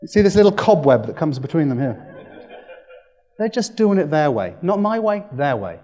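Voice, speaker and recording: A man giving a lively training presentation, playful and animated, acting out quick quoted voices. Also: fairly high pitch. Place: presentation room.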